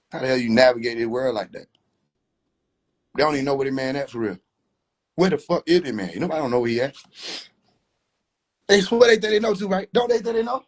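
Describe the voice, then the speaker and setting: Animated husky young man ranting. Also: mid-range voice. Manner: animated, joking, swears a lot, laughs often. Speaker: commentary creator. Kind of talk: casual reaction commentary.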